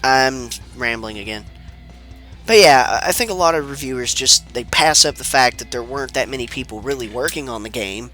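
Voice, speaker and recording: A man's voice: mid-range voice, fairly quick, pushed and bright, faint music behind. A man with a sick-sounding voice, giving laid-back, rambling commentary over a video game, swearing casually. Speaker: let's play commentator.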